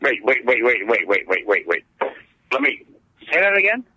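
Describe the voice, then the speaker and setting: A man's voice: medium pitch, wildly swooping pitch, moderate pace, sharp tone, muffled recording, slight background noise. A man co-hosting a podcast, bickering and apologizing in exaggerated, defensive comedic banter. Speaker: podcast co-host.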